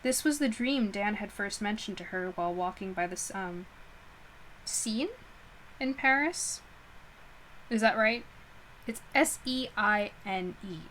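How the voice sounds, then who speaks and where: A woman's voice: mid-range voice, lively intonation, a little slow, fairly bright tone, a little hiss or hum, poor audio. Woman reading aloud, self-correcting. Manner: stumbles and corrects herself, chatty asides. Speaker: audiobook reader. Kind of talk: casual read-aloud narration.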